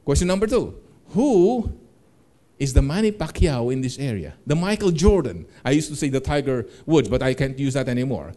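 Lively middle-aged man storyteller. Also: mid-range voice, moderate pace. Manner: animated, laughs while telling stories, acts out voices in quotes. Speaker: seminar speaker. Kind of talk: motivational storytelling talk.

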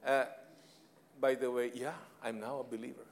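This leadership speaker, a man in his sixties with a Filipino accent, keeps his talk humorous and motivational, acting out personal stories with theatrical flair, chuckling at his jokes and slipping into Tagalog. His voice is mid-range and gravelly, with a level tone and moderate pace.

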